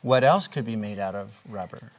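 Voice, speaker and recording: A woman teaching a kindergarten reading lesson, patiently asking questions and drawing out phonics patterns slowly. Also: extremely low pitch, darkish tone. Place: classroom with small children.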